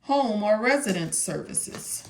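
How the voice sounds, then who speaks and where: A woman's voice: mid-range voice, expressive, noisy background. A woman teaching medical coding, walking viewers step by step through a study lesson and repeating her instructions and questions as if they could answer. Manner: slow, repetitive, talks to viewers as if they can answer.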